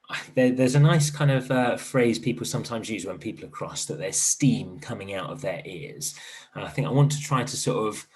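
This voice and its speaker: A man whose voice sits on the low side gives a gentle online literacy lesson for primary children, talking through his thinking while writing and offering encouragement.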